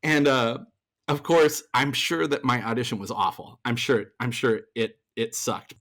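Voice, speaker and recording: A middle-aged man, a theater performer and voice actor, telling his story as a podcast guest in lively casual talk with many restarts. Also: medium pitch, a little slow. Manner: animated, acts out quoted voices, frequent restarts.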